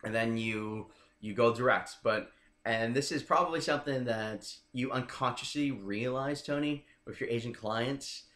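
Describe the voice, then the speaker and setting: Recorded in an echoey, spacious room, this man has a medium-pitched, fairly bright voice and talks at a moderate pace. He coaches dating and appears as a relaxed interview guest, chatting away and constantly asking "right?" to make sure the listener is following.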